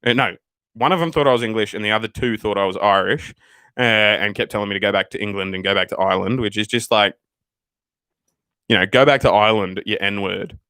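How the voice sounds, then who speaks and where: A man's voice: lowish voice, a little fast, pushed and bright, clean tone, no room sound. A man hosting his channel, telling stories in a swearing, ranting way. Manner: profane, ranting, storytelling. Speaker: channel host. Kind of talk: casual livestream chat.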